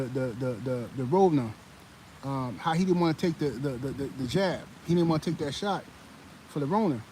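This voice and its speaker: A man's voice: on the high side, a little hiss or hum, poor audio. Heated male sports streamer. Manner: animated, heated, many fillers and restarts. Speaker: sports commentary channel host. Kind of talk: live-stream sports commentary.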